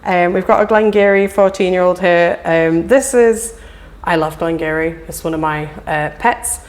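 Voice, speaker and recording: A woman's voice: fairly low pitch, normal speed. A woman in a casual interview, explaining at length in a chatty way, with fillers. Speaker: whisky brand representative.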